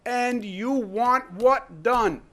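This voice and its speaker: A man's voice: extremely high pitch, fairly bright tone. Emphatic man giving a press briefing. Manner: emphatic, rhetorical questions, deliberate pauses.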